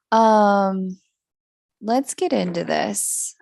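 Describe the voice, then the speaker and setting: A woman's voice: mid-range voice, unhurried, gravelly, no room sound, clean studio sound. A woman giving a live-streamed astrology reading, candid and self-mocking, who laughs often and swears casually. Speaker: astrology reader.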